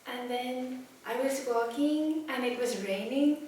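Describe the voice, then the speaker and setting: A woman telling a comedic personal anecdote as a storyteller, animated and self-mocking, with big swings in pitch and loudness. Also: a little slow. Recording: very echoey room, from a distance.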